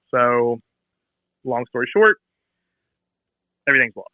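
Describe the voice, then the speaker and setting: A man in his thirties tells a long story in a casual interview, acting out phone calls with quoted voices. His voice sounds thin and tinny, as if heard over a phone line, and the room around him is dry. He stays at an ordinary pitch but jumps up for emphasis. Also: expressive, a little slow, pauses often, no room sound. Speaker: bike builder guest.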